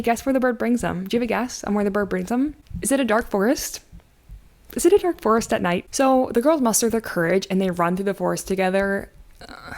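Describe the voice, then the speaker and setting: Sarcastic woman recapping a movie. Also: mid-range voice. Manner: sarcastic, animated, slangy. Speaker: YouTube commentator. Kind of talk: casual movie recap commentary.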